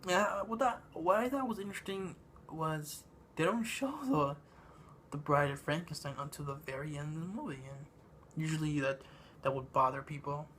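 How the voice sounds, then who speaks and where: A man giving a casual spoken movie review, halting and meandering, with lots of ums and uhs. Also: on the high side, expressive, a bit bright, a little hiss or hum. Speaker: film reviewer.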